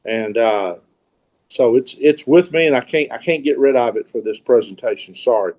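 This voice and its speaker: A middle-aged man with a Southern accent talks through an informal online presentation. His voice is mellow and relaxed, and his pitch sits in the middle of the male range. He rambles in a folksy way, restarting sentences and doubling up on words. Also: normal speed. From Mississippi. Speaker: guest speaker, real estate investor.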